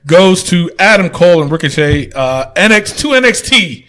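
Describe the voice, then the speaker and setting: A male podcast host with a slightly higher-than-average voice runs a relaxed wrestling chat. He jokes around, laughs easily and swears casually as he talks. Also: moderate pace. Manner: loose, joking, laughs often, swears casually.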